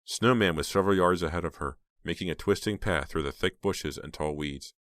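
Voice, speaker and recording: A man narrates a scripted audiobook in a steady, measured way. His voice is very low and deep, recorded dry and close with no room sound or echo.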